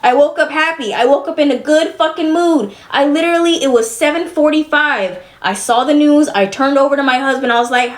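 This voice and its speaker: High-voiced exasperated young woman streamer. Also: a little fast, few pauses. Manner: exasperated, profane, swinging between loud disbelief and weary muttering. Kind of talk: casual venting to chat.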